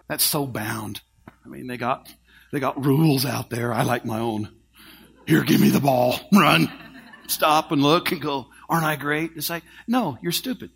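A man preaching a sermon, telling stories and acting out other people's lines, moving between loud, punchy phrases and hushed, quiet ones. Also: on the high side. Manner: animated storytelling, acting out voices of others, swinging from loud to hushed. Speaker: pastor.

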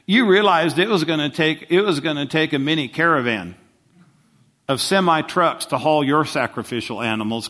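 A man gives a conversational sermon, regularly asking his congregation questions and restarting often. His voice is a little high and a bit bright.

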